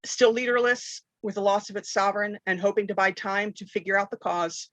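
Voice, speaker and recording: A woman's voice: mid-range voice, fairly quick, a bit bright, dry recording, poor audio. Woman game master narrating dramatically. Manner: dramatic storytelling, frequent throat clearing and self-corrections.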